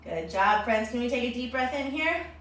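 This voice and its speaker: A woman's voice: fairly high pitch, animated, moderate pace, fairly bright tone. A woman leading a children's yoga class, upbeat and encouraging, calling the kids her friends. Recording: very echoey room, voice from far off.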